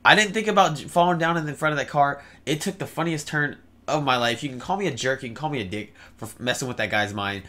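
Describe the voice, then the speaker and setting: A man's voice: medium pitch, fast, hardly any pauses, sharp tone. A young man telling a story in a rambling vlog, with many fillers and stammered restarts. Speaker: vlogger.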